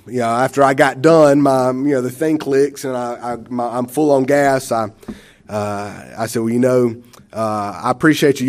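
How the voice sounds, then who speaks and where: A man's voice: medium pitch, darkish tone. Rambling man giving a testimony. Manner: rambling, many fillers, emotional. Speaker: church member giving a testimony. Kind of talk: church testimony.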